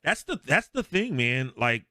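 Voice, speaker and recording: Animated man telling sports stories. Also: a little high, a little slow, dry recording, clean studio sound. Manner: animated storyteller, laughs often, acts out quotes. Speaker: podcast co-host. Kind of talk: casual sports chat.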